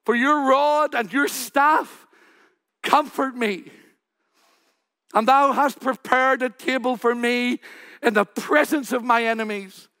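A man playing an old pastor who speaks slowly, quietly and reverently, with a lower voice than his own. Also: animated, no echo, clean studio sound, full character voice. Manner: slow, hushed and deliberate.

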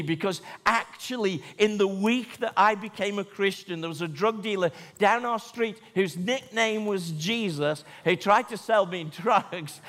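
A man's voice: high voice, a bit bright. A man preaching a conversational sermon to a large congregation, often asking rhetorical questions. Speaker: pastor. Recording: long church hall reverb.

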